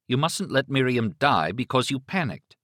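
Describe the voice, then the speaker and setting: A man's voice: medium pitch, sing-song, normal speed, a bit bright, no echo, clean studio sound, pitched above the performer's own voice. A man voicing a panicked novelist on the phone. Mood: urgent. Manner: urgent, pleading. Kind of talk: audiobook character voice.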